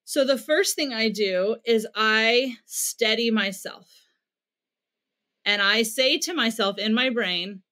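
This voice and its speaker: A woman's voice: fairly high pitch, unhurried, fairly bright tone. An American woman guesting on a podcast, earnestly explaining parenting advice and acting out bits of dialogue as she goes.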